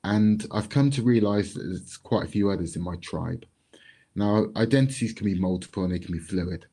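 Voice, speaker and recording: A man tells a personal story in a low, mellow voice. He speaks in a measured, reflective way and leaves pauses between thoughts. His tone is warm and relaxed. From Bristol, England. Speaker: community speaker.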